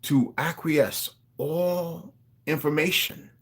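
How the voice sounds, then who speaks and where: A man's voice: on the high side, fairly even intonation, takes it slowly. A man talking to his viewers in a rambling, casual monologue, drifting between asides and restarting his sentences. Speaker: vlogger.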